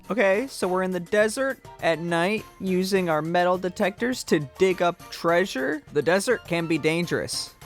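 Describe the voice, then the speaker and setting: A young man giving comedic, exaggerated commentary on game minigames. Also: sits high. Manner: joking, exaggerated, briefly puts on a southern drawl. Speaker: gaming video host. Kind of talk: comedic commentary over gameplay. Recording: music bed behind voice. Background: faint background music.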